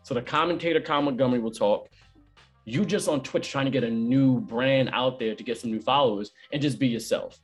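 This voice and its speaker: This man tells his story in lively, slang-heavy bursts, hyping up each turn. He is an event host and comedian chatting casually. Faint music plays quietly beneath him. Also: medium pitch. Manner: animated storyteller, fast slangy talk. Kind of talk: casual podcast chat.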